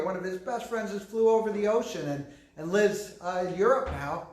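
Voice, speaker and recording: Earnest high-voiced pastor, echoey room. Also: male voice, normal speed, hardly any pauses. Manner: earnest, gentle storytelling with many fillers. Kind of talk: sermon.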